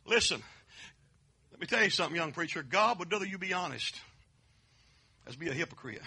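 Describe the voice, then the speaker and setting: A man preaching a fervent holiness sermon in folksy dialect, swinging from hushed asides to shouts. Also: on the high side, lively intonation, a little fast, slightly rough.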